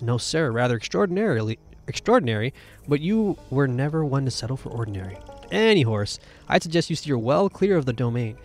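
A man's voice: mid-range voice, lightly acted. A man reading a threatening letter aloud as a wealthy, menacing male boar villain in a video game, with plain read-aloud delivery.

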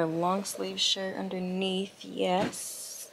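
At home at night, a woman chats casually with her viewers, calling them y'all, while she gets ready in front of a camera on a tripod. Her mid-range voice moves at a normal speed and sounds a bit bright. A little hiss or hum sits under the audio.

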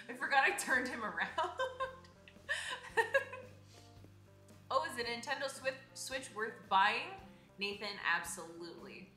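A woman's voice: fairly high pitch, slow pace, pauses often, pushed and bright, echoey room. A young woman live-streaming a game, chatting casually and greeting viewers by name in a bubbly way. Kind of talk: casual live-stream chat while playing. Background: game music.

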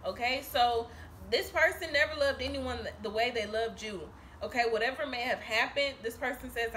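Bright, chatty woman tarot reader. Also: a little high, normal speed, slight background noise. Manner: chatty, profane, laughing, tags lines with "okay?". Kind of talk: casual tarot reading to camera. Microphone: camera mic.

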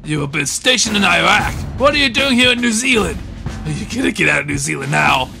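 A man's voice: high voice, very animated, brisk, creaky, music in the background, heavily acted. A man voicing an angry male drill sergeant who barks orders in a game fan dub. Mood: barking. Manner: barking, shouting.

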